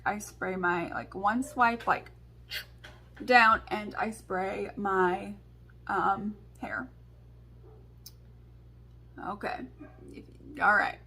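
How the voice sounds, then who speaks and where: A woman's voice: mid-range voice, pushed and bright, slight background noise. A young woman vlogger telling a story and doing a makeup tutorial, with chatty talk full of fillers. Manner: chatty, filler-heavy with many "like"s. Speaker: beauty vlogger.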